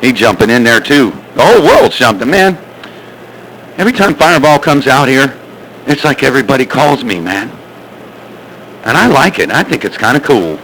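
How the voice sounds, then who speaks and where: Folksy guy on the cb from his radio room, bright tense voice, little hiss behind. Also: mid-range voice, animated, moderate pace, long pauses, low-quality recording. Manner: folksy, playful drawl with slangy nicknames. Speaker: CB radio operator. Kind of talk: casual CB radio chat.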